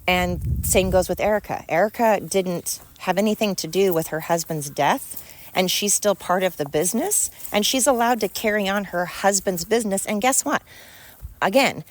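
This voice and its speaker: A woman with a medium-pitched voice and no echo hosts a solo podcast, delivering an opinionated monologue. She rants with indignation, mocking her critics through sarcastic rhetorical questions.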